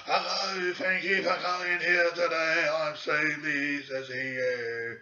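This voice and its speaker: A man mimicking a fake trance medium who feigns a sweet, theatrical spirit voice, slow and breathy. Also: on the high side, fairly even intonation, bright, forceful tone, roomy sound, highs cut off, pitched above the performer's own voice, full character voice. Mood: mock-sweet.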